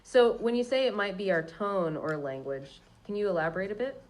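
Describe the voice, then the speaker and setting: A woman's voice: mid-range voice, expressive, a little fast, rough recording. A woman co-hosting an upbeat podcast chat, reassuring and affirming in tone. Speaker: podcast co-host.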